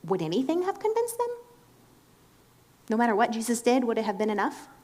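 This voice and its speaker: A woman preaching in a casual, chatty way, animated and filling her talk with "like.". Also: a little high, fairly quick. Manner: chatty and animated, heavy use of "like". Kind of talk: casual sermon.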